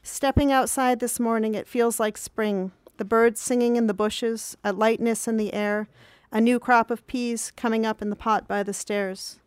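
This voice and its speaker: Woman in her 30s, somewhat high and smooth voice, dry close sound; measured, reflective literary reading of her journal. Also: fairly even intonation, no room sound. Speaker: reader of her own journal. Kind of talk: literary reading of diary entries.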